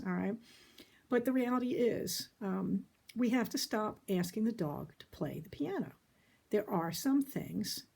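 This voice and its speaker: A middle-aged woman therapist giving a casual, folksy talk about relationships, emphatic and quick to laugh. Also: mid-range voice, vocal fry, a little mellow, husky.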